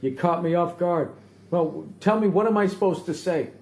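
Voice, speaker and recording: Man, podcast host, blunt, profane, teasing, fairly high voice, echoey room, faint hiss. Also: normal speed, darkish tone. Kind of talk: casual chat.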